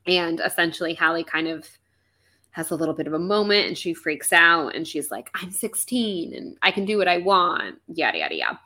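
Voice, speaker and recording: Lively, bright-voiced woman chatting about a book. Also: fairly low pitch, brisk. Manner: animated, acts out characters' lines with big swoops. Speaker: podcast co-host. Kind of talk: casual book-club chat.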